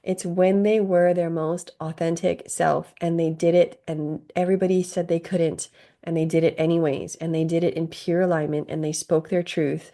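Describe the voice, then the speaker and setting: A woman's voice: fairly low pitch, level tone, moderate pace, warm tone. A woman from Hawaii, a podcast guest, telling stories earnestly with lots of fillers in casual interview chat. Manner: earnest, filler-heavy storytelling.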